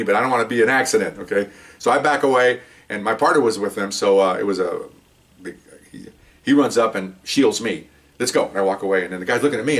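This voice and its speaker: An older man, a retired police officer, telling a story casually and jumping up in pitch as he acts out the dialogue. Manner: animated, jumps up in pitch when acting out dialogue. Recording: voice picked up from a distance.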